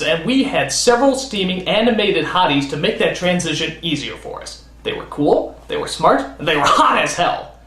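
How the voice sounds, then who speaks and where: A man hosting a comedic countdown review. He is sarcastic and animated, with quick comic asides. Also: fairly high pitch. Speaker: host and critic. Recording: roomy studio with faint music.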